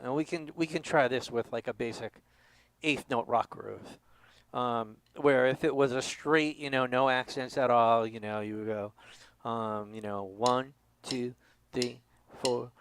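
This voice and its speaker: A man giving a drum lesson, explaining stroke types and counting beats out loud. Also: mid-range voice, low-quality recording. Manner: explanatory, counts aloud with accents. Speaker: drum instructor. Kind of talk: demonstration lesson.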